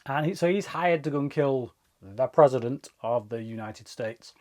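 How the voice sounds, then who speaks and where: A man's voice: mid-range voice, expressive, normal speed, darkish tone. Chatty man reviewing films. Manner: chatty and rambling, with frequent restarts. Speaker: movie review vlogger. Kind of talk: casual spoken film review.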